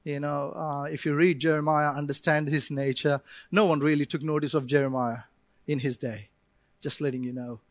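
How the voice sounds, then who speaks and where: A man pastor preaching a sermon, animated, with playful asides and acted-out prayers to God. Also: on the high side, moderate pace, no room sound.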